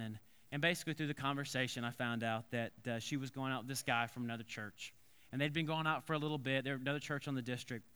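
A man, a pastor, telling stories in a sermon, animated and conversational, with quick asides and restarts. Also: mid-range voice, clean tone. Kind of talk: storytelling sermon. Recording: long hall reverb.

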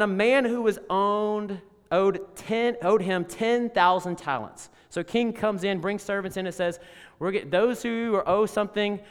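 Male pastor, higher voice, lively sermon delivery, reverberant sanctuary. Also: clean tone. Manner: animated, emphatic preaching with rhetorical questions.

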